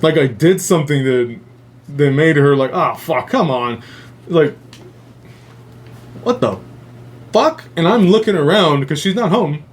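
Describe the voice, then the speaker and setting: A man's voice: on the high side, unhurried, pauses often. A man hosting a casual live stream, rambling with heavy swearing and frequent laughter, with a faint hum behind him. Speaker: host.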